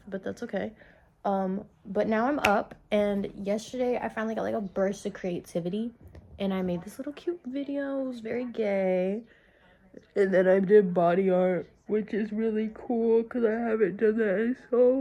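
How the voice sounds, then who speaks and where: A young woman talking through a casual, rambling vlog update from her car, soft-spoken and close to tears at times. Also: medium pitch, low-quality recording. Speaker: vlogger.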